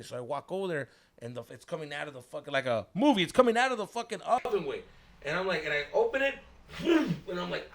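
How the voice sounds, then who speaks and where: A man's voice: fairly high pitch, lively intonation, fast, creaky, a bit bright. A man in his thirties telling a wild story on a casual podcast, slangy, swearing often and mixing in Spanish words.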